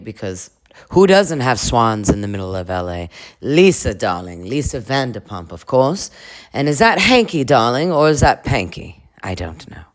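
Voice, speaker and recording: A woman in her forties giving campy, sarcastic commentary on a reality show. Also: a bass voice. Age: 40s. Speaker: reaction channel host.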